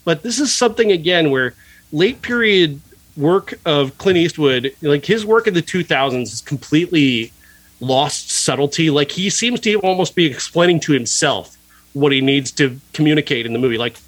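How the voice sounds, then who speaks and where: A man co-hosting a casual film review podcast, talking in an animated, profane, mocking way and laughing often. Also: fairly high pitch, moderate pace, no room sound. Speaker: podcast co-host.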